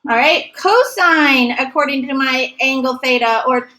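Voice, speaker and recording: A woman teaching a math lesson, asking questions and answering them herself with quick praise, explaining each step slowly and carefully. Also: high voice, pushed and bright, low-quality recording. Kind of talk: recorded classroom math lesson.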